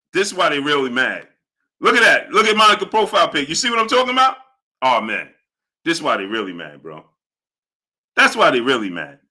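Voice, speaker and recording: Man, live-stream host, bright tense voice, a bit high, animated, repeats catchphrases. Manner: animated, repeats catchphrases, greets viewers by name. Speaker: live-stream host reading viewer chat. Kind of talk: casual live-stream chat.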